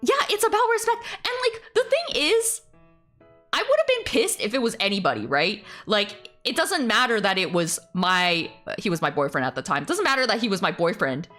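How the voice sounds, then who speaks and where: A woman's voice: mid-range voice, very animated, normal speed, a bit bright, faint music behind. A woman streamer chatting casually, ranting animatedly, laughing often and swearing freely.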